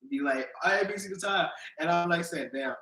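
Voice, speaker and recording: A young man hosting a podcast, telling stories in casual chat and jumping into high-pitched voices when he quotes people. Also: brisk, bright, forceful tone. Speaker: podcast host. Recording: echoey room.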